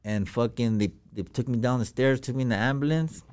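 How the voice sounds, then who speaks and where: Man, podcast guest, casual storytelling, slangy, swears a lot, lots of fillers, middle pitch. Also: a little fast, darkish tone. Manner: slangy and profane, full of fillers.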